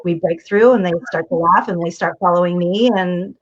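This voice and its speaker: A woman coach talks through communication advice in a casual interview. She keeps it lively and slips into the voices of the people she quotes. The audio sounds dull and lo-fi. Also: fairly low pitch, moderate pace. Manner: animated, acts out quoted voices.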